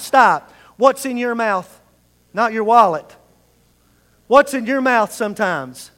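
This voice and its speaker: A male pastor with a very high, slightly bright voice speaks slowly and animatedly, leaving long pauses. During his sermon he guides the congregation in reading scripture together, call-and-response style, and the sanctuary adds long, large-hall reverb.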